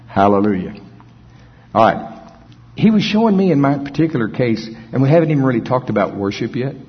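A man preaching a sermon in a church service, animated, swinging from loud bursts to soft asides. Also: mid-range voice, moderate pace, long pauses, husky. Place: church hall. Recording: muffled sound in a long-echo hall.

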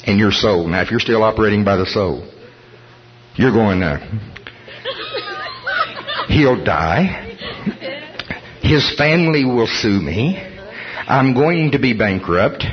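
A man preaching a sermon, telling a story with animated delivery, chuckling and acting out the voices of people in it. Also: on the low side, slow pace, long pauses, crowd noise. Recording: dull lo-fi sermon recording.

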